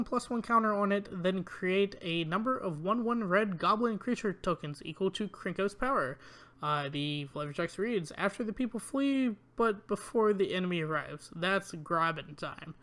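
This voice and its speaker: With a mid-range, slightly bright voice, a channel host rambles casually through new trading card spoilers, full of ums and uhs. He reads the card text out loud and grumbles whenever a card looks weak.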